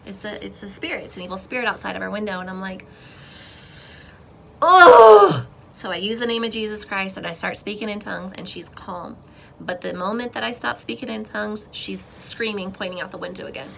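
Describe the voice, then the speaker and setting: A young woman giving an earnest, fervent personal testimony, dropping to a hush and then rising to loud pleading. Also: mid-range voice, steady tone, fast talker, gravelly, slight background noise. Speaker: Christian content creator. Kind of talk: emotional testimony to camera.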